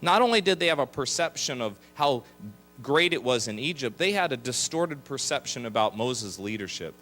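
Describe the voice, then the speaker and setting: A man preaching as a pastor, lively, with quick asides and acted-out complaining voices. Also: medium pitch, soft background music. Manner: animated, acts out grumbling voices. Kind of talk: sermon. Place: chapel.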